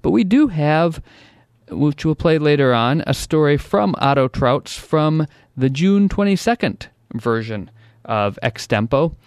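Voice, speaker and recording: A man hosting a radio show, introducing recorded stories in a relaxed, conversational way. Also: on the high side, a little slow, no echo, studio quality. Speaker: radio host.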